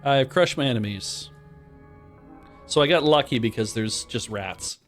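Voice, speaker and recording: Streamer guy reading game text out loud, casual, mid pitch voice, faint music under it. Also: lively intonation, measured pace. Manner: reads game text aloud, bursts into loud surprised swearing. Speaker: streamer playing a modded game. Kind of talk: casual gameplay commentary.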